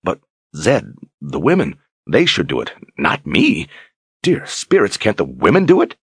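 A man's voice: sits low, huge pitch swings, a little slow, husky, no echo, heavily acted. A man voicing a nervous young man who stammers and pleads. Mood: flustered.

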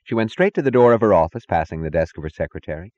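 Deep-voiced man reading a novel aloud. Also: animated, darkish tone, no echo, highs cut off. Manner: measured, dramatic reading with distinct character voices. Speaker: audiobook narrator. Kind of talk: scripted narration.

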